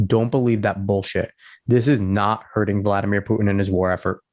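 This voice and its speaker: A man's voice: mid-range voice, a little mellow. A man hosting a podcast, reading a news article aloud and breaking off into blunt, profane, sarcastic commentary. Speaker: podcast host.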